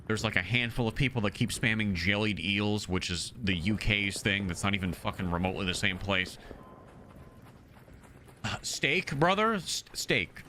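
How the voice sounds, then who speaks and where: A man's voice: fairly low pitch, moderate pace, pushed and bright, slight background noise. A young American man streaming live, chatting casually with his viewers, reading chat aloud in a brash, joking, profane way. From United States. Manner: reads and answers chat aloud. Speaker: game streamer.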